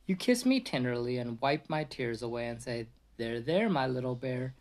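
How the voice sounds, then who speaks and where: A father reads a picture book aloud to his toddler in a gentle storybook voice and gives his viewers a short, cheerful hello. His voice is mid-range and expressive, at a moderate pace.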